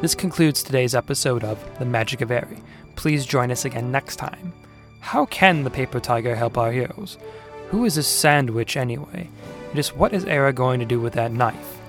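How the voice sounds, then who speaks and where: A man narrating a fantasy audio story in a steady, measured storytelling manner as the show's host. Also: medium pitch, faint music behind.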